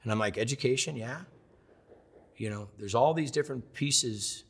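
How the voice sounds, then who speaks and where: A man in his fifties from the United States, telling stories in a lively sit-down interview and acting out the quotes. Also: mid-range voice, moderate pace, slightly rough, big-room sound. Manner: animated storyteller who acts out quotes. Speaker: interview guest, chef.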